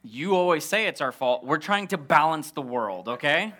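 A male pastor telling a comic story in a sermon, animated and acting out the dialogue. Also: on the high side, moderate pace.

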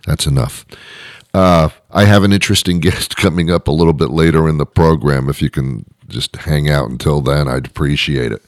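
Middle-aged male host, very deep voice, rambling comic monologue, deadpan wit. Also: normal speed, no room sound, clean studio sound. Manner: rambling, wry, deadpan asides. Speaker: show host. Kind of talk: comedic monologue.

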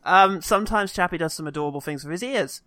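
Man, podcast co-host, bright tense voice, higher than most, dry close sound, animated. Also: quick pace, no echo. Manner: animated, acts out movie lines in funny voices. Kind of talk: casual film review chat.

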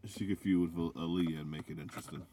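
A man's voice: sits low, steady tone, dark tone. A man co-hosting a casual wrestling podcast, playful and teasing. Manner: playful, teasing, quick to laugh. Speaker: podcast co-host.

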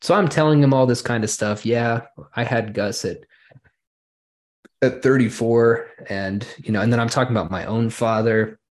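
A man's voice: medium pitch, steady tone, moderate pace. A man hosting a podcast, telling a wry, detailed anecdote in casual chat. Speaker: podcast host.

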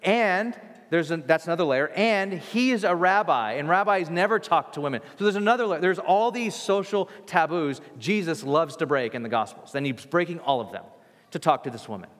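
Guy preaching, chatty and animated, bit high voice, big hall echo. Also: normal speed. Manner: conversational, animated storytelling. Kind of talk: sermon.

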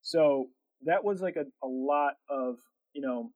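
A man's voice: on the high side, measured pace, a little mellow, lo-fi sound. A man who runs a production company, telling a story in casual chat, rambling with lots of fillers and laughing as he goes.

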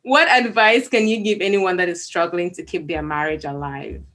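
A young woman hosts a podcast in a lively, bubbly way and laughs often. Her voice sits slightly low for a woman. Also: normal speed. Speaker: podcast host. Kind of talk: casual podcast chat.

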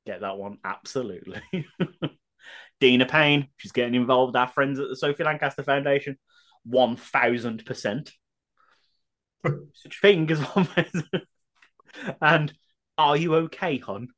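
A man's voice: mid-range voice, measured pace, long pauses, fairly bright tone. A man co-hosting a podcast in casual chat, reading out listener comments with jokey, sarcastic asides.

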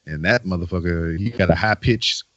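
A man's voice: low voice, normal speed, a bit bright, no room sound. A man co-hosting a podcast, telling loose, profane stories in casual chat. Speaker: podcast co-host. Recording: dull lo-fi sound.

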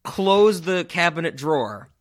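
A man's voice: a little high, sing-song, unhurried. A man co-hosting a podcast, chatting casually about a movie with a chatty, self-deprecating manner and frequent laughs. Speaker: podcast co-host.

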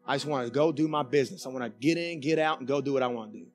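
A male pastor preaching a conversational sermon in a church, folksy and animated, with many restarts. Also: mid-range voice, very fast. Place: church sanctuary.

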